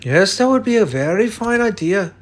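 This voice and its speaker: A man's voice: sits high, sing-song, normal speed. A man playing a brash, stubborn character who claims to be Irish, talking in a blunt, boastful way with some swearing in a comic sketch. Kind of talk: comic sketch over a fantasy lineup.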